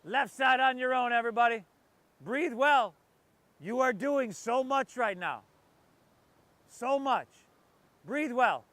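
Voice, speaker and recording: Man, yoga instructor, high bright voice, jokey and loose between breath cues, class by the ocean. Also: slow pace, long pauses, dry recording. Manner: playful, joking asides between breath cues. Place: outdoors by the ocean.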